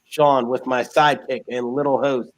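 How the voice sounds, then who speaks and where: A man's voice: medium pitch, steady tone, moderate pace. A man hosting a casual wrestling talk show who rambles with many fillers, then bursts into heated rants full of rhetorical questions. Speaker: sports talk show host.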